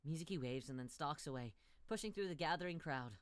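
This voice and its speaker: A woman streamer reading a visual novel aloud in first person. She breaks into loud shrieks and repeated cries, and she swears and jokes casually between lines. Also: sits low, expressive, quick pace, no room sound, soft background music.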